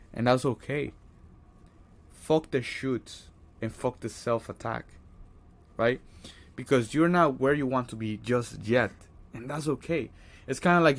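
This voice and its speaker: Man, mid-pitched, motivational vlogger who swears freely and speaks plainly. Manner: casual and blunt, swears often, keeps asking "right?". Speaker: social anxiety coach. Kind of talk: motivational vlog talk.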